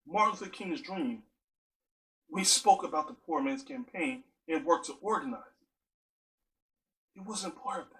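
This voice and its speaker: A man's voice: high voice, a bit bright, rough recording. A man giving an earnest spoken monologue, driving his points home with strings of rhetorical questions.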